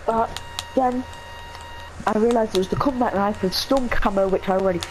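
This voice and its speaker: A woman's voice: mid-range voice, normal speed, poor audio. Young british girl rambling on game chat, bit of mic hiss. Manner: chatty, rambling. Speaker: gamer. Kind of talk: casual gaming chat.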